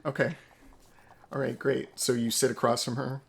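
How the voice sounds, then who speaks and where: A man's voice: medium pitch, level tone, moderate pace, gravelly, slight background noise. A man narrating a tabletop role-playing game as game master, loose and chatty, with many fillers.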